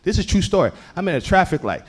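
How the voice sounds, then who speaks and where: A stand-up comedian from Houston, Texas, telling animated stories on a comedy club stage and acting out the people in them. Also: male voice, sits high, racing, breathy edge. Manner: animated storytelling with acted-out voices.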